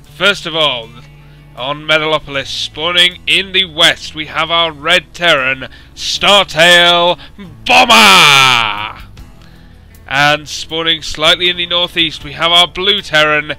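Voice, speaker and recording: A young man commentates a video game match in a loose, chatty way, full of asides and dry jokes at his own expense. His voice sits a little high and rings very bright, with a touch of hoarseness. Faint music plays underneath. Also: a little slow, rough recording. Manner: chatty, rambling asides with dry self-mocking humour. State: slightly hoarse.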